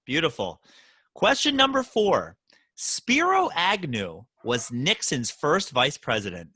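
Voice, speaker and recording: Lively, teasing man hosting a podcast. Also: fairly high pitch, takes it slowly, slightly rough, no room sound. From Baltimore, Maryland. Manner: teasing, animated quizmaster. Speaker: podcast host. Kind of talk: casual podcast chat, quizzing a guest.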